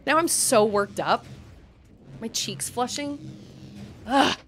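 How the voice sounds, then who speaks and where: Lively high-voiced woman streamer. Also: slow, faint music behind. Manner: frustrated outbursts, groaning and shouting at the game. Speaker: streamer playing a video game. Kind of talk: casual live-stream chat while gaming.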